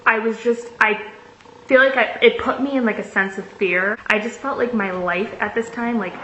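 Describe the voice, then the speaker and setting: This young woman vlogger's voice is a little high and fairly bright, moving at a moderate pace as she casually tells a story and reads messages aloud. Swearing and a steady stream of likes and ums mark her chatty delivery. The echoey room leaves the sound slightly muffled.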